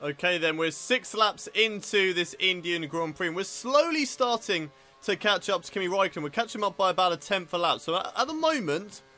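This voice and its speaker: A young man narrates his racing game lap by lap. His voice sits high and bright, and he grows frustrated and swears when things go wrong. Faint game music plays behind him. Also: animated, a little fast. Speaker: gaming video host. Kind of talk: live racing game commentary.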